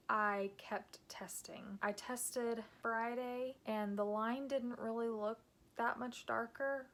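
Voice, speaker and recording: A woman in her thirties telling her own story to camera in a candid, emotional way. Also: mid-range voice. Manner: candid and emotional, with some soft hushed passages. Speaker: vlogger.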